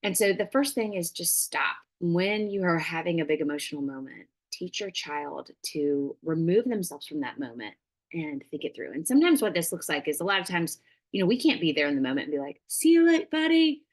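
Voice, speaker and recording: A woman's voice: deep voice, lively intonation, fairly quick. A woman giving a casual parenting workshop, chatty and full of fillers, acting out little dialogues.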